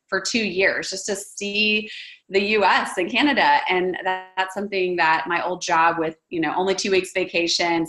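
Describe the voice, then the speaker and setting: A woman in her thirties with a Texas accent and a somewhat low voice. She talks casually and earnestly, ticking off points and pausing on ums. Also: a bit bright. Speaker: network marketing presenter. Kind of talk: casual testimonial talk.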